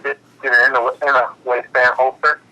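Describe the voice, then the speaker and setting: A man's voice: mid-range voice, flat delivery, fairly quick, pushed and bright. A man chatting casually over a phone line, hesitant with many fillers. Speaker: co-host on phone. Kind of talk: casual chat.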